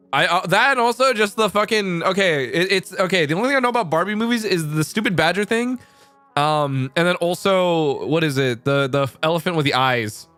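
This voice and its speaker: A man's voice: a little high, a bit bright, smooth, dry recording. A young man streaming casual chat, rambling and swearing a lot, laughing often.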